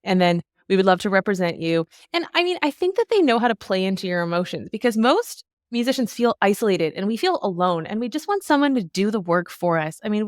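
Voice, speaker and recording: A woman's voice: medium pitch, dry recording, studio quality. A woman with a Canadian accent, hosting a podcast in a chatty, casual way. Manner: chatty, laughs often. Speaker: podcast host.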